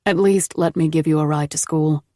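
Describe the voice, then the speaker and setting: Woman doing a low, firm grown man. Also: fairly even intonation, moderate pace, mellow, no room sound, studio quality, close to an everyday voice.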